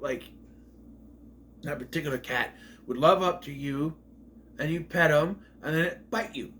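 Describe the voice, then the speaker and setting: A man's voice: a little high, a bit bright. A man casually reviewing a movie on video, rambling off on tangents.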